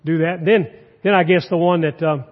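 A man's voice: a little high, fairly even intonation, moderate pace, long reverb tail, narrow, tinny audio. A man, a guest preacher giving a folksy, conversational sermon with humor in a church. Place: church sanctuary.

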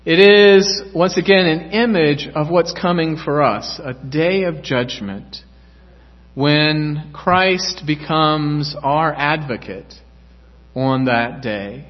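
A male pastor preaching a sermon in a church, earnest and measured. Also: a little high. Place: church sanctuary. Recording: echoey church hall, dull lo-fi sound.

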